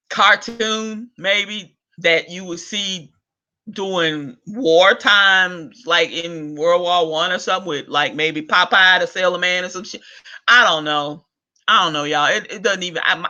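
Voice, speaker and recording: A man's voice: a little high, pushed and bright, highs cut off. A man hosting a video rant, profane and exasperated, with chuckles between lines. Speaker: vlog host. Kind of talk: ranting monologue.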